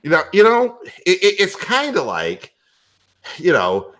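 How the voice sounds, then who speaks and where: A man hosting a sports talk show, ranting loudly and profanely with a comedic bent. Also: high voice, a little slow. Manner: loud, profane, animated ranting. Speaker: podcast host.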